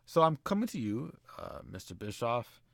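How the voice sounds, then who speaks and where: A man voicing a smooth male agent pitching for his client, persuasive but halting. His voice sits at a middle pitch, recorded dry. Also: big pitch swings, dry recording.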